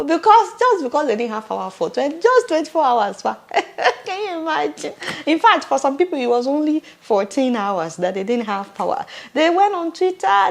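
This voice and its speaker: A woman with a Nigerian accent hosting casual political commentary, teasing and animated, laughing often. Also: medium pitch, creaky. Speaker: commentary host.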